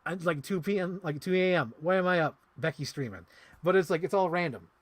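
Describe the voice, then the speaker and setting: A man chatting casually on a live stream while unboxing toys, rambling and excitable with lots of "like.". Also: high voice, a little fast. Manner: rambling, excitable, heavy use of "like". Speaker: toy collector streamer.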